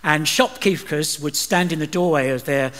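An English man preaches a sermon, reading scripture aloud and breaking off for chatty, joking asides. His voice sits a little high. The church around him gives a long, trailing reverb. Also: normal speed, fairly bright tone. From England. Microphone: livestream recording.

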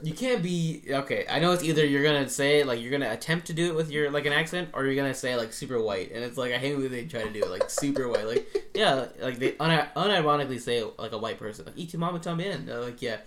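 A man hosts a loose podcast chat with friends. He talks in an easygoing, joking way and curses without a second thought. His voice sits at an ordinary middle pitch. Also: fast, a bit bright. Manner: laid-back, laughs often, swears casually. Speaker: podcast host. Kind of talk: casual chat.

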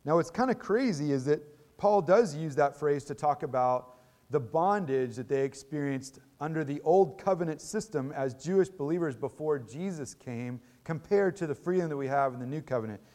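Conversational middle-aged pastor preaching. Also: male voice, a little high, moderate pace, darkish tone. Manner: conversational teaching, frequent restarts and tag questions. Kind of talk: sermon.

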